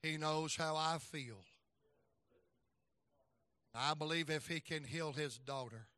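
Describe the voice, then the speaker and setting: Middle-aged guy preaching, kinda high voice, acts out voices, loud then soft. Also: takes it slowly, long pauses, no room sound. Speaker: evangelist preacher. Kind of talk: sermon.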